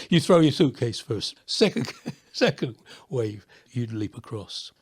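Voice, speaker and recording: A man, a former pirate radio DJ, telling stories of his days on the ship with lively laughs and hushed moments. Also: mid-range voice, takes it slowly, husky. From England. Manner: animated storytelling with laughs, drops to near whisper. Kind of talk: reminiscing interview.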